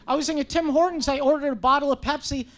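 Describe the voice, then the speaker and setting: A young man with a high-pitched voice doing a brash, profane, self-mocking stand-up set in a comedy club. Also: steady tone, fast, fairly bright tone. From Canada. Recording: live club set with crowd noise. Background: audience laughter.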